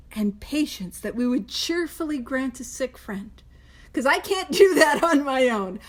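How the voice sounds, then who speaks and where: Animated woman leading a study group. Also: high-pitched. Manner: animated, laughs at herself, speaks prayers slowly and softly. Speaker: Big Book study leader. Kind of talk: group recovery study talk.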